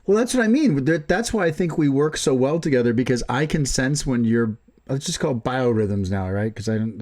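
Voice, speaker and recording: A man's voice: medium pitch, animated, a little fast, darkish tone. A man co-hosting a casual chat, teasing his partner and laughing often while he tells stories. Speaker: podcast co-host.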